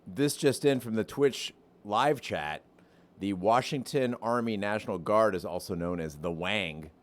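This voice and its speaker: A man co-hosting a movie podcast, reading a plot summary and then giving measured commentary with dry humor. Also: fairly low pitch. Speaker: podcast co-host.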